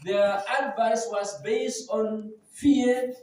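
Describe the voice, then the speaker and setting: A man preaches a sermon, retelling a Bible story with drama in a very high, mellow voice. He is recorded in a church hall with heavy echo, and the mic sits well away from him. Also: fairly even intonation, extremely slow, far from the mic, a little hiss or hum. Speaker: pastor.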